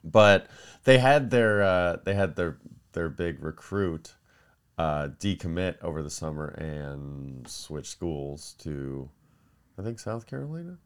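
Guy w/ a really deep smooth voice, rambling podcast chat, laughs a lot. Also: takes it slowly. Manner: animated, laughs often, many fillers. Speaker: podcast host.

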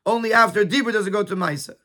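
Guy going through a text, kinda high bright voice, stumbles and repeats words. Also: rapid-fire. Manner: repeats words and stammers while explaining. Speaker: Torah teacher. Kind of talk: reading a Yiddish text and translating it into English.

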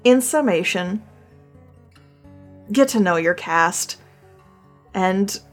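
A woman's voice: medium pitch, lively intonation, very slow, faint music behind. A woman hosting a podcast, reading a chatty, self-deprecating segment. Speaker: podcast host. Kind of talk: scripted podcast narration.

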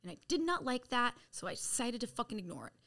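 A middle-aged woman from San Diego telling her life story on a podcast in a blunt, profane, animated way. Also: on the high side, fast, vocal fry. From San Diego, California. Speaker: podcast guest. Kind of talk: casual storytelling.

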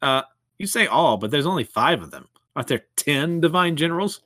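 Animated man recapping a comic chapter. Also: on the high side, fairly quick, dry recording. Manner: amused, often laughing at the story. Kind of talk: casual chapter recap with quoted dialogue.

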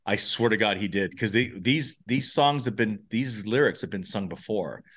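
A man's voice: on the low side, normal speed, fairly bright tone. A man co-hosting a podcast in casual chat, playful and emphatic, often laughing. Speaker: podcast co-host.

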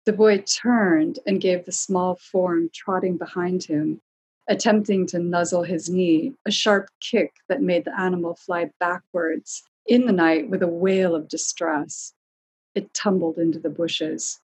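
A woman narrates a storybook in a calm, measured reading voice. Her tone is low and somewhat breathy, with a husky grain. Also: rough recording.

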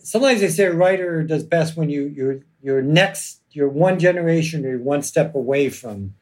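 A man, an author and lawyer, speaking reflectively in an interview with many pauses and ums. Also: a little high, a little mellow. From Canada. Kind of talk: conversational interview.

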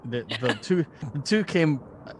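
A man's voice: a little high, expressive, moderate pace, noisy background. A man playing a tabletop game, flustered and apologizing as he catches up. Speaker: player. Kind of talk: casual tabletop play.

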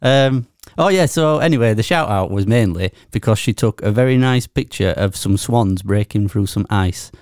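A man's voice: fairly low pitch, normal speed, hardly any pauses, darkish tone, smooth, no echo, studio quality. A man co-hosting a casual podcast, easygoing and chatty. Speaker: podcast co-host. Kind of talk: casual chat.

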